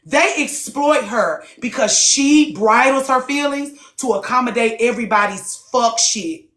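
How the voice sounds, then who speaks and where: Her voice is a little high, a bit bright, and lively in intonation, with an unhurried pace as she hosts a live group talk. Blunt and profane, she fires rhetorical questions at her listeners in casual, heated talk, recorded with echoey room sound.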